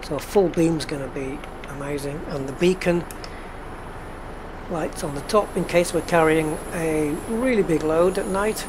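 A man's voice: fairly high pitch, measured pace, noisy background. A man from northeast England, with a faint accent from there, chatting casually as he plays a truck game and answers viewers. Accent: faint northeast English. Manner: chatty, talks to himself and chat while driving. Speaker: gaming channel host. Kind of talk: casual gameplay commentary.

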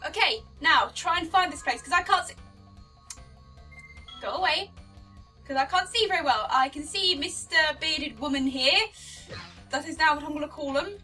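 A young woman casually commentating on her gameplay, excitable and prone to dramatic outbursts. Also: high-pitched, normal speed, pauses often. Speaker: let's play host. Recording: distant mic with game music.

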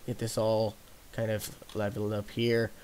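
A man's voice: lowish voice, monotone, moderate pace, a little mellow, slight background noise. A young man from Nebraska hosting a casual gaming livestream, chatting and answering viewer comments as he builds. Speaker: livestream host.

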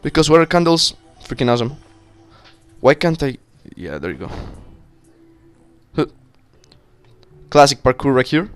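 A young man giving casual, excitable let's play commentary, swearing and talking to himself as he plays. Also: medium pitch, a little slow, pauses often, smooth, faint music behind. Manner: cursing, excitable, talks to himself. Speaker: gaming YouTuber.

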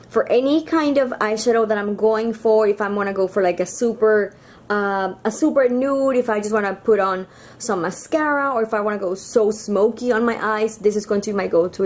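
A woman's voice: mid-range voice, darkish tone. Chatty woman with a Mexican Spanish accent. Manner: chatty and gushing, with frequent "like" and "uh" fillers. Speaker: beauty vlogger. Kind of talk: casual makeup review.

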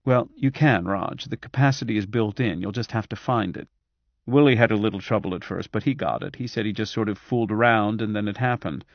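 A harried, sick doctor, voiced by a male narrator who talks briskly and coaxingly, sometimes a little impatient. The voice is gravelly and dry, and the recording sounds a bit dull. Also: lowish voice, no room sound, close to an everyday voice. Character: harried, ailing man, a doctor with a cold.

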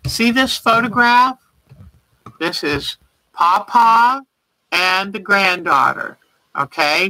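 On a casual quilting livestream, a host with a medium-pitched, sharp voice shows off viewers' work by name, chatting and heaping on praise. The recording is low quality, though free of echo.

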